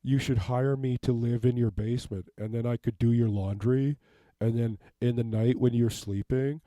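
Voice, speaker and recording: A man rambling through an improvised comedic monologue in a deadpan way, asking "okay?" over and over. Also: medium pitch, moderate pace, no echo, lo-fi sound. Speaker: comedic self-tape performer. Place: home basement.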